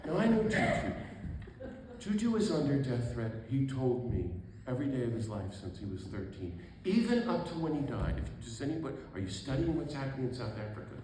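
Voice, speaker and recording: A man's voice: medium pitch, very animated, brisk. A man in his sixties, a priest telling a story to an audience, acting out the people in it and laughing often. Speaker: Catholic priest and author speaking. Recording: very echoey hall, faint room noise.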